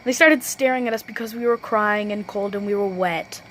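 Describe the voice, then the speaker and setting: A teenage girl telling a storytime vlog, rambling and restarting sentences, often saying "low-key.". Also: normal speed, a bit bright, a little hiss or hum, rough recording. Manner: self-correcting, restarts sentences. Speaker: vlogger.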